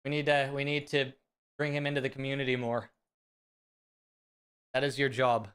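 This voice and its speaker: A man from Central California, chatting casually and excitably with viewers on a live stream. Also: mid-range voice, normal speed, smooth. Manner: rambling, excitable, talks to chat. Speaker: fitness streamer.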